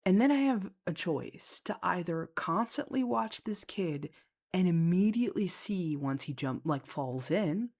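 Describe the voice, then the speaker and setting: Woman with a low voice, casual storyteller, chatty, blunt and sweary, lots of filler words. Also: animated, unhurried, darkish tone. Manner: chatty and candid, swears freely, heavy on fillers. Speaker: lifeguard.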